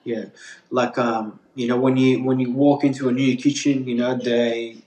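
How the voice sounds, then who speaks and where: A man's voice: mid-range voice, flat delivery, moderate pace, darkish tone, reverberant, slight background noise. A Turkish man with a slightly Australian-tinged accent, a pizza maker chatting as a podcast guest, full of fillers and restarts. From Turkey. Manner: rambling, many fillers and restarts, laughs easily. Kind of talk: casual podcast interview.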